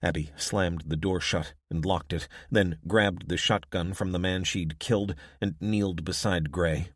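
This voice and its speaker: A man narrating an audiobook in steady, even scripted storytelling. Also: sits low, a little slow, no room sound, clean studio sound.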